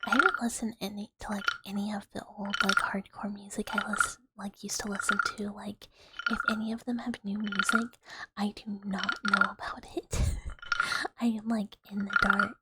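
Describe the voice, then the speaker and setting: A young woman streaming as an ASMR host, chatting with viewers in a soft whispered role-play and rambling with fillers on a close microphone. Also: medium pitch, little pitch movement, moderate pace. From United States. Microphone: close sensitive ASMR microphone. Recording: loud hiss under the whisper.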